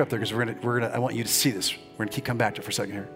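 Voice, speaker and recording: A male pastor preaching a lively sermon, calling out to his congregation and urging them to answer back. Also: lowish voice, very fast, few pauses, faint music behind. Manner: rousing, calls on the congregation to respond.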